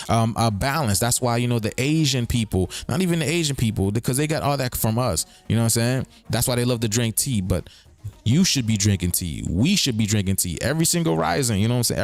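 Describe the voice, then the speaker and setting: Repetitive man hosting a livestream. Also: medium pitch. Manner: repetitive, keeps checking in with listeners; breaks words apart and riffs on them. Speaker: streaming show host. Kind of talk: casual livestream commentary.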